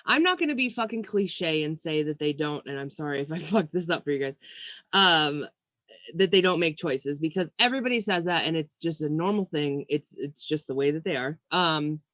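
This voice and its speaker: A young woman co-hosting a podcast, in a laid-back, chatty way. Her voice sits a little low, and it is recorded close and dry with no room sound. She swears casually and laughs easily. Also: expressive, moderate pace, a bit bright, no room sound. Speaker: podcast co-host. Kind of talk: casual chat about astrology.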